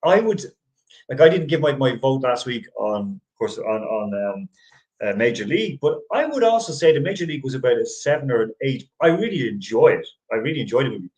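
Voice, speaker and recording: A man's voice: medium pitch, sing-song, fairly quick, darkish tone, rough recording. A middle-aged man hosting a casual sports chat show, rambling with frequent restarts and easy laughter. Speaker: host.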